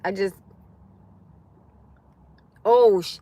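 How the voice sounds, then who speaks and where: This young woman's medium-pitched voice moves extremely slowly as she hosts a casual livestream. Chatty and animated, she reads out viewers' comments, replies to them and swears freely.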